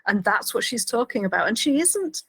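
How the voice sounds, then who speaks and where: A woman's voice: on the high side, big pitch swings, brisk, a bit bright, husky, dry recording. A woman co-hosting a podcast, recapping TV scenes in a storytelling way. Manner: storytelling recaps with quoted lines. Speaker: podcast co-host. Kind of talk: casual chat recapping a TV episode.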